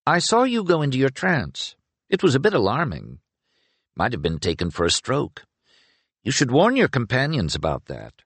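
A man's voice: mid-range voice, huge pitch swings, normal speed, fairly bright tone, husky, no echo, pitched above the performer's own voice, full character voice. A man voicing a wry, talkative young sorcerer who soothes a shaken friend in an audiobook.

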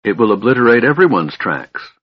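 A man reading aloud voices a male elf mage who speaks slowly, in a husky, low voice. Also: very animated, no echo, muffled recording. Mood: measured. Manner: slow, measured.

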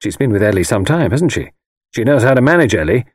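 A man's voice: medium pitch, sing-song, quick pace, no echo. An intense, brooding architect, read by a man with an urgent, insistent edge and a voice that rises and falls a great deal. The delivery stays cryptic and pressing, set down in a dry, close recording.

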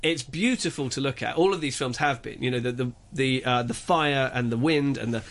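A man reviewing films on a radio show, telling the story in an animated, rambling way with many restarts. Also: mid-range voice, fairly quick. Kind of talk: casual radio chat.

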